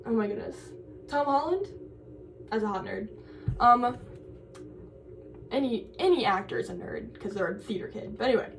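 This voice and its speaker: A young woman in college tells a story in a casual vlog, her voice a touch high as she rambles, full of "like" and restarts. She sits a little back from the mic. A faint hum of noise runs underneath. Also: normal speed, gravelly, long pauses, distant mic. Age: young adult. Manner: rambling, animated storytelling with lots of "like". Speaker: college student vlogger.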